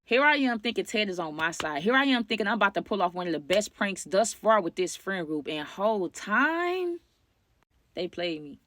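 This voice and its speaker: Fast, slangy storytime vlogger. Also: medium pitch, fairly bright tone. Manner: slangy, talks straight to the audience. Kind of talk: casual storytelling to viewers.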